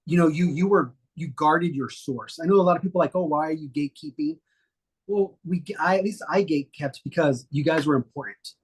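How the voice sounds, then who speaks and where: A middle-aged man, a guest, telling stories in a relaxed, rambling way with many fillers. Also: fairly high pitch, a little fast, husky. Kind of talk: casual storytelling interview.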